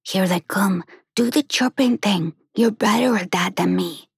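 A woman's voice: medium pitch, measured pace, gravelly, very noisy. A woman voicing a bossy young female black kitten who whispers urgent orders, in a storybook. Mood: eager.

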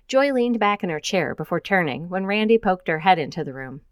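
A woman reading a novel aloud as narrator, in an even, plain storytelling manner. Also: low voice, moderate pace, dry recording, clean studio sound. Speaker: audiobook narrator. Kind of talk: scripted narration.

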